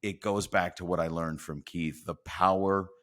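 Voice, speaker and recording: Guest storyteller, male, deep voice, acts out the dialogue. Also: moderate pace. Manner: animated storyteller acting out dialogue. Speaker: podcast guest. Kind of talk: storytelling in a podcast interview.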